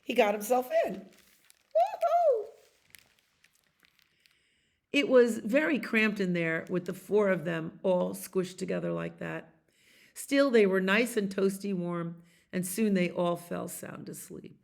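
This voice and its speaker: A woman's voice: medium pitch, a little slow, gravelly. A woman reading a bedtime picture book aloud as a library storyteller, soothing and asking her listeners questions.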